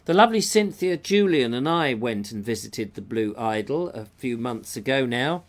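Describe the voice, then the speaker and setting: A middle-aged Englishman hosts a casual live show, reading out viewers' photos and chatting in a rambling way. He frequently stops to correct himself. His mid-range voice has lively intonation and a normal speed.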